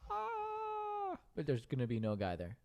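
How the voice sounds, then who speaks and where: A man's voice: medium pitch, moderate pace. A man teaching a piano class, joking with his students while he draws notes with a mouse.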